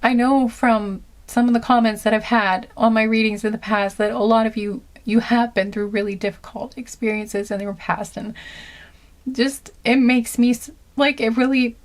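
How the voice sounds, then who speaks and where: A woman giving a casual spoken intuitive reading, gentle and earnest, often searching aloud for the right words. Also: fairly high pitch, steady tone, normal speed. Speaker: intuitive card reader.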